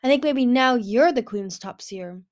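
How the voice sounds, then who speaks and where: A woman's voice: a little high, lively intonation, fast, close to an everyday voice. A woman reading a storybook aloud, voicing a cheerful, bold young male dragon in an eager, teasing way. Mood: playful.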